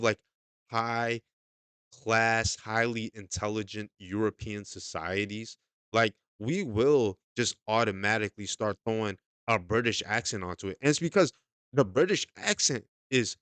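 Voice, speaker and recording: A man with a lowish voice talks through a film review in a loose, emphatic way. He repeats points, checks in with "okay?" and swears casually. The sound is dry and close. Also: pushed and bright, no echo. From United States. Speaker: movie reviewer.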